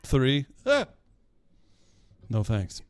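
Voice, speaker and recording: An easygoing man chats as a podcast guest, sharing family stories and quoting his relatives. His voice is smooth and resonant. It is recorded dry and close. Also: mid-range voice, huge pitch swings, extremely slow, dry recording. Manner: easygoing, quotes family members, laughs along. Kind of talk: casual storytelling chat.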